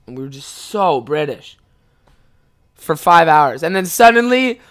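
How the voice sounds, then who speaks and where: Young canadian guy rambling thru a story on his podcast, swearing a lot, laughing, kinda high voice. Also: very animated, a little slow, a bit bright. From Ontario, Canada. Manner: rambling, profane, laughing often. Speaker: podcast host. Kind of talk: casual storytelling.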